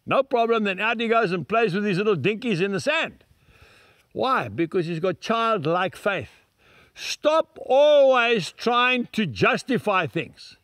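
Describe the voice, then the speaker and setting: An older man preaching a folksy, earnest sermon and leading a slow prayer, speaking straight to his listeners. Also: high voice, animated, fairly bright tone, no echo, studio quality.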